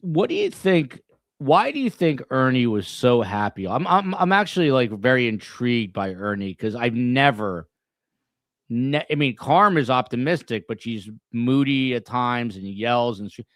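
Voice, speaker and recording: A man hosting a podcast in casual chat, talking in halting, rambling bursts with many restarts. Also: mid-range voice, animated, no room sound, studio quality. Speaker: podcast host.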